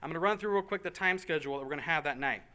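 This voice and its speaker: A man briefs a roomful of church volunteers in a casual planning meeting. His voice sits a little high with a bright, forward edge. He keeps things upbeat, tossing in quick jokes and asides and repeating himself as he goes. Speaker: church program organizer. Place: meeting room with a group present.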